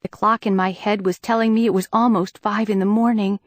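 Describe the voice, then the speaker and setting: A woman narrating a first-person audiobook in a measured, earnest storytelling manner. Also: mid-range voice, fairly even intonation, no room sound.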